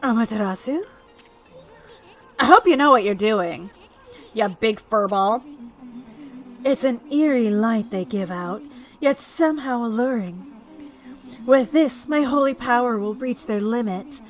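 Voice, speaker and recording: A woman voicing an earnest young warrior priestess in a video game, with a breathy voice and an urgent way of speaking. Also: a little high, lively intonation, measured pace, pauses often.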